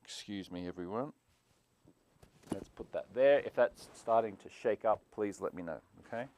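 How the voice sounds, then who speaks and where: A man hosting a live stream as a sobriety coach, animated, jumping from loud bursts to quiet asides, on a clip-on mic indoors. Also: fairly low pitch, moderate pace, a little hiss or hum. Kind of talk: energetic live stream pitch. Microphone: clip-on lapel mic.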